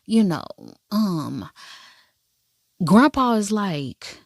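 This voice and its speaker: A woman giving a casual, profane and animated recap of a drama, with asides in a high voice. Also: normal speed, no echo, clean studio sound. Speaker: drama reviewer.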